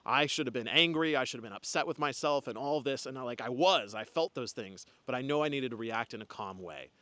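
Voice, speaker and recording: A man's voice: medium pitch, a little fast, bright, forceful tone, no room sound. A young man talking casually and earnestly to camera, rambling with fillers and restarts as he reflects on his year. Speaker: spiritual content creator. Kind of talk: casual reflective vlog talk.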